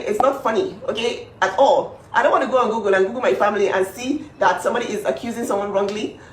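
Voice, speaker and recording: A woman speaking up for her younger sister in a casual vlog, emphatic and repetitive, with many fillers. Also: medium pitch. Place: home kitchen. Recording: echoey room, mic at a distance, faint background noise.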